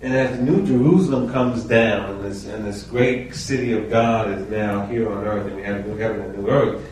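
A man's voice: on the low side, fairly even intonation, normal speed, a little mellow, slight background noise. A man leading a Bible study, talking conversationally and asking the group questions. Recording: echoey room, mic far off.

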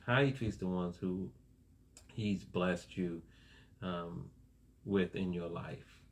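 Slow and steady in tone, a low-voiced pastor preaches conversationally. Laughter with the audience and repeated questions of "right?" run through the sermon.

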